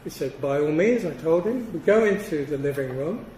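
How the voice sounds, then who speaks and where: A man in his sixties giving an academic lecture, measured and emphatic, with deliberate pauses between phrases. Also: fairly high pitch, animated, dark tone. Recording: roomy, distant hall sound with faint noise.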